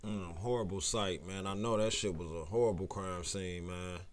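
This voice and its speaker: A man's voice: low voice, steady tone, normal speed. A man hosting a commentary channel, talking in street slang and closing his points with "man" and "bro". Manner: slangy, preachy street talk, ends lines with "man" and "bro".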